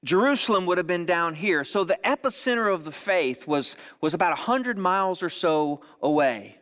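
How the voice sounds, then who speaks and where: A high-pitched man preaches in a casual, chatty way and keeps asking his listeners "right?" His voice rings out with the long echo of a church hall. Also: animated, moderate pace, fairly bright tone. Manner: conversational preaching with frequent "right?" asides. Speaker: pastor. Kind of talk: sermon.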